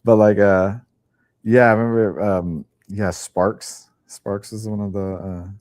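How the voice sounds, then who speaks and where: Young male podcast host, very deep and warm, easygoing and profane. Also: level tone, slow pace. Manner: laid-back, swears casually, trails off. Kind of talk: casual chat.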